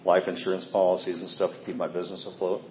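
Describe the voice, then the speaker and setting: A man's voice: low-pitched, flat delivery, quick pace. A man giving a candid, plainspoken personal recovery testimony, self-deprecating about his past behavior. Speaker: speaker sharing a recovery story. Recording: echoey, dull sound with faint ambient noise.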